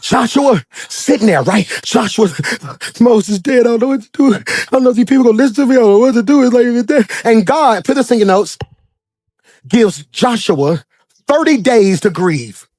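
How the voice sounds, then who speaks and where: A man preaching a sermon as pastor, swinging from shouted high points to low, quiet asides and acting out characters. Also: lively intonation, no room sound. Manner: acts out characters in quick dramatic voices.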